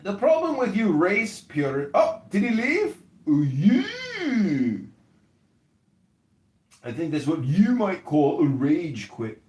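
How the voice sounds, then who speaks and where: Mocking, high-pitched man with a lively voice. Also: takes it slowly. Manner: mocking, sarcastic, bursts into shouting. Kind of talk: heated casual online debate. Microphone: phone or computer mic in an audio chat app. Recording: roomy, echoey audio chat stream.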